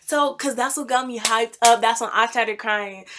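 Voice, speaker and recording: A young woman with a slightly high voice tells a personal story to her vlog audience. She is animated and emphatic, pushing hard on the moments that excite her. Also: normal speed, noisy background. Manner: animated, emphatic storytelling with loud reenacted quotes. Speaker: vlogger.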